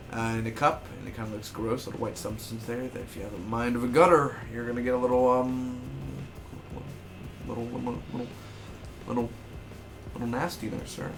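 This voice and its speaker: A young man in his twenties casually recapping a TV episode, rambling and excitable, swearing freely. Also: medium pitch. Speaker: TV episode reviewer.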